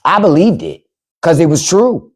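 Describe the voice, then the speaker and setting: A woman's voice: fairly low pitch, expressive, moderate pace, darkish tone. A woman in her fifties hosting a casual livestream, blunt and profane, laughing as she quotes her elders. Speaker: podcast host on a livestream. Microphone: phone or webcam livestream mic.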